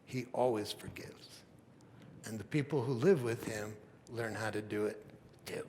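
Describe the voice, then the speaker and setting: A man's voice: fairly low pitch, measured pace, a little mellow, big-room sound, a little hiss or hum. A man preaching a sermon as pastor, retelling a Bible story in a casual, conversational way. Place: church sanctuary.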